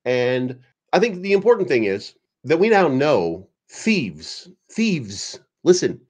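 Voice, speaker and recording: A man's voice: medium pitch, sing-song, takes it slowly. A man giving a rambling, sarcastic and profane commentary as the host of an online channel. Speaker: crypto YouTube commentator. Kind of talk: casual ranting commentary.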